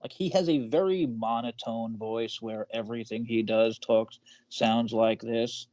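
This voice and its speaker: Male podcast co-host, lively and profane, dry dull lo-fi mic. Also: a little slow, no room sound. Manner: animated, swearing, jumps in pitch when excited. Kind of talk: casual podcast chat.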